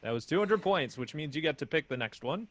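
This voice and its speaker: A man's voice: a little high, lively intonation, fairly quick, a bit bright, dry recording. A man hosting an improv comedy game show, upbeat and explaining the rules.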